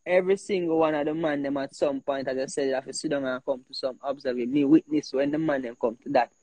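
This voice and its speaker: A man's voice: mid-range voice, quick pace, no room sound, low-quality recording. Emphatic Jamaican man, dry sound. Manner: animated, emphatic, repeats himself. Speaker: host. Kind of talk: heated casual talk.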